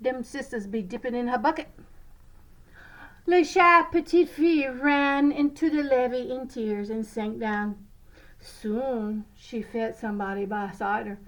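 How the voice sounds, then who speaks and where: A woman teacher reading a picture book aloud to children, expressive and sometimes stumbling over French words. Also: a little high, a little slow, low-quality recording.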